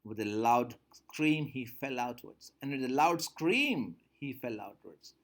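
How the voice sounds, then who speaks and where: A very animated male English teacher, medium in pitch and fairly bright in tone, moves unhurriedly through a textbook story. He reads a line aloud, repeats it, and explains it in paraphrase, his emphasis rising as he goes.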